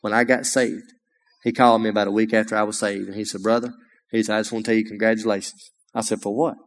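A man's voice: on the low side, flat delivery, quick pace. A man giving a sermon testimony, telling a story earnestly and rising into emphatic preaching. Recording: hall reverb.

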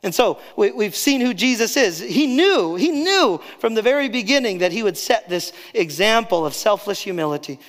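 A male pastor preaching a sermon, rising on key phrases and dropping soft and slow to drive points home. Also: high voice, sing-song, big-room sound.

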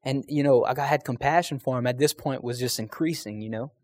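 A man's voice: medium pitch, fairly quick, darkish tone. A man telling a personal faith testimony in an earnest, conversational way, speaking straight to his listeners.

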